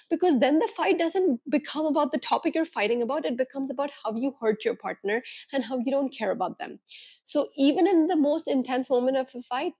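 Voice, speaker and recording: A woman's voice: high-pitched, breathy edge, dull audio. A young woman, a relationship coach, giving earnest, emphatic advice to camera and acting out the thoughts she quotes. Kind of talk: direct-to-camera advice vlog.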